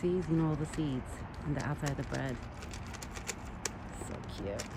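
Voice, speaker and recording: A young woman with a slightly low voice chats casually into her phone camera while standing out on a trail. She rambles in a friendly way and talks sweetly to a deer she is feeding. Outdoor ambience and passing vehicles are clearly heard behind her. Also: normal speed. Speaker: vlogger feeding a wild deer. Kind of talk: casual vlog chat. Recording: outdoor phone recording with noise.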